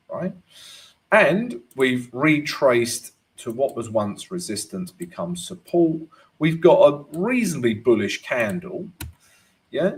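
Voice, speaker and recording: A man hosting a live trading lesson, casual and chatty, often checking in with "right?" and addressing viewers as guys. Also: mid-range voice. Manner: laughs at his own jokes. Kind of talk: live chart analysis and viewer Q&A.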